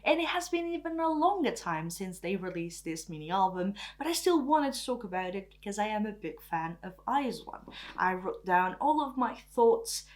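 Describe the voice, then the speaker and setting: Woman, native French speaker, casual and excited music-review vlog delivery, mid-height voice. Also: medium pitch, moderate pace. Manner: enthusiastic, chatty, often says "freaking". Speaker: K-pop reviewer.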